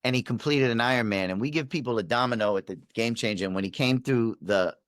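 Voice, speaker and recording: A performance coach appearing as a podcast guest tells a story in animated conversation, acting out the dialogue with shifting pitch and energy. He talks fast, and the recording is studio quality with no echo.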